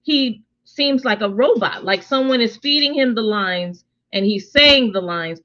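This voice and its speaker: A woman's voice: a little high, unhurried, fairly bright tone, dull audio. A woman co-hosting a casual TV review chat, emphatic and opinionated, asking rhetorical questions. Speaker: co-host reviewing a TV show.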